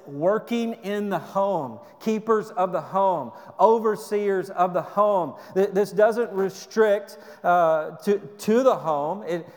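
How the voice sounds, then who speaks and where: Pastor guy preaching, pretty high voice, earnest and pushy, lots of restarts, long echo like a big church hall. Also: darkish tone. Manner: earnest, exhorting, with frequent restarts. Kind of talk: sermon.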